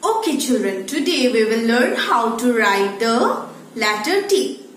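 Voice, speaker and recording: A woman teacher giving a slow phonics lesson to young children, often checking in with "okay?" as she goes. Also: fairly high pitch, big pitch swings, slight background noise. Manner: slow, sing-song, repeats and checks with "okay?". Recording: very echoey room.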